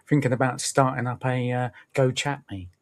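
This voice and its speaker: A man co-hosting a casual livestream, trading slow, wry jokes. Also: mid-range voice. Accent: non-local accent. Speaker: livestream co-host.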